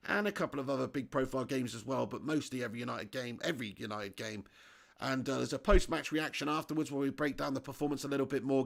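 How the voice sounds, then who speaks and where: A man's voice: medium pitch, creaky. A man hosting a live football watch-along stream, chatting casually, reading out viewer comments and laughing often.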